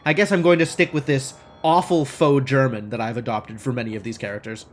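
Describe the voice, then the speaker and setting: A man streaming a game live, thinking aloud and joking at himself in an animated way. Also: medium pitch, fairly quick, a little hiss or hum.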